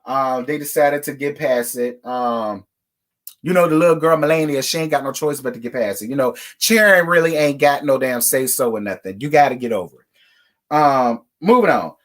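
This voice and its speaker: A man's voice: medium pitch, moderate pace. A man hosting a casual reality TV recap, talking bluntly and profanely in a scolding tone. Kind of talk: casual commentary rant.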